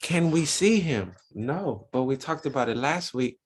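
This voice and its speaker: A man leads a religious Sunday school class. His voice is a bit husky, and he talks with lively rises and falls in pitch. He keeps asking his listeners rhetorical questions. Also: a little slow. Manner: animated preaching, rhetorical questions. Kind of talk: religious teaching talk.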